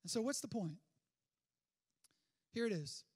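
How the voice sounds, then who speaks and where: A man preaching a sermon in an energetic, conversational way, full of rhetorical questions and quick restarts. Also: high voice, slightly rough. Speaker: pastor.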